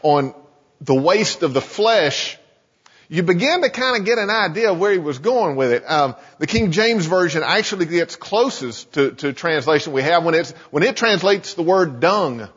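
A pastor giving a sermon, earnest and emphatic, often restarting phrases and slowing down to stress key points. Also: male voice, a little high, lively intonation, a bit bright, slightly rough. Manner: earnest preaching with many restarts and slow emphasis. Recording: muffled sound with long hall reverb.

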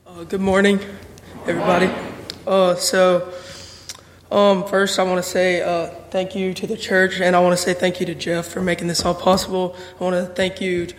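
A man's voice: high voice, monotone, moderate pace. A man from the mission team who gives thanks in church, speaking hesitantly with many fillers. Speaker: mission team member giving a testimony. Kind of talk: short thank-you speech in church. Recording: distant mic with long church reverb.

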